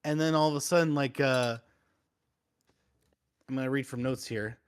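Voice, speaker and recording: A man's voice: mid-range voice, fairly even intonation, normal speed, clean tone. A man in casual chat, telling a loose, rambling stand-up story as a guest. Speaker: comedian guest.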